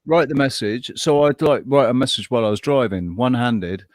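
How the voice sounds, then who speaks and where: A man's voice: mid-range voice, animated, a little fast, no room sound. A man co-hosting a casual chat, telling rambling, profane stories with many restarts. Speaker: co-host.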